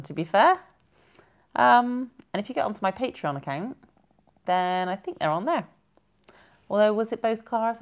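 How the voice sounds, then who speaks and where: Casting note: woman, low voice, giggly rambling live-stream host reading comments. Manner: chatty and giggly, rambling with self-corrections.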